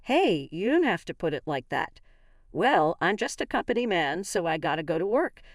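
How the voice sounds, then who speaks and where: A woman's voice: on the low side, sing-song, moderate pace, no echo, clean studio sound. A woman voicing a curt, sarcastic husband in a read-aloud story, cold and dismissive.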